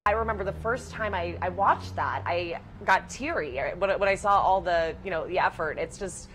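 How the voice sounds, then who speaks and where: An eager woman guest tells her stories on a radio show. Her voice sits fairly low for a woman, and a faint hum runs behind her. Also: moderate pace, a bit bright, rough recording. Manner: enthusiastic, storytelling. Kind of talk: casual radio interview.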